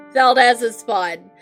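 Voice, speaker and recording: A woman streamer talks through a game in a chatty, easily amused way, laughing at the jokes as she goes. Her voice sits a little high for a woman, and soft music from the game plays behind her. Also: very animated, drawn-out words. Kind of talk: live game playthrough, reading dialogue aloud.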